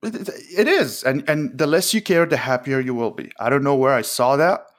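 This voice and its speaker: Podcast co-host, man, mid pitch, easygoing and wry. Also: fairly quick. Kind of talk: casual chat.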